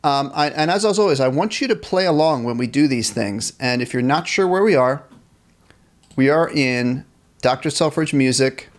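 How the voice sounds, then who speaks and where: A man's voice: mid-range voice, lively intonation, normal speed. A man teaching a live-streamed band lesson, explaining instrument technique, reading viewers' chat and counting off rhythms for them to play along. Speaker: music teacher.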